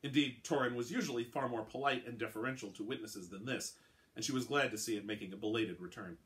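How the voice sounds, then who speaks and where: A man's voice: medium pitch, fast, a bit bright. A man reading his own novel aloud, narrating plainly between voiced dialogue. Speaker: author.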